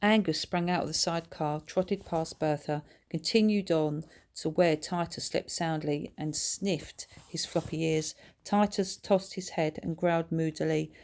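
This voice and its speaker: A woman reads her own children's book aloud, her voice sitting on the lower side. She narrates the action at a steady, expressive pace, plainly telling a story to young listeners.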